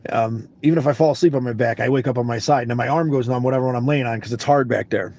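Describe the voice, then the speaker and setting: A man's voice: mid-range voice, racing, darkish tone. A groggy man vlogging casually to camera from his vehicle, laid-back and rambling, repeating words and swearing now and then. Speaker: traveling vlogger.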